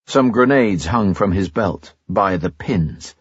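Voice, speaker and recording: A man reading a novel aloud as an audiobook narrator in a steady, even way. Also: sits low, takes it slowly, husky, dry recording, muffled recording. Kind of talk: scripted narration.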